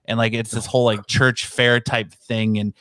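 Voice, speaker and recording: A man's voice: medium pitch, level tone, normal speed, pushed and bright, smooth, dry recording. A man on a podcast animatedly retelling favorite film moments in a casual chat. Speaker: podcast guest.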